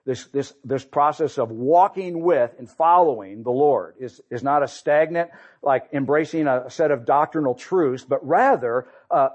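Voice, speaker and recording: A man preaching a sermon in a conversational way, often doubling back on his words. His voice sits at an ordinary middle pitch. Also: lively intonation, moderate pace, a little mellow, lo-fi sound. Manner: conversational, repeats and restarts words.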